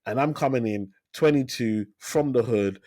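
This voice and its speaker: A man in his thirties talks as a guest on an interview podcast. He tells his story with energy and drives points home by repeating phrases. His voice sits at a middle pitch, recorded close and dry. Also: moderate pace, warm tone, no echo. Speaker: financial advisor, podcast guest. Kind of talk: casual interview talk.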